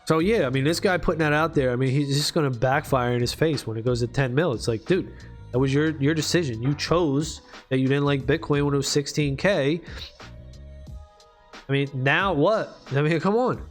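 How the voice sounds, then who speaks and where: Man, high voice, casual rant, lots of swearing, faint music behind. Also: moderate pace. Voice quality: profane, animated ranting. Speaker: video creator. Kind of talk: casual rant while playing a game.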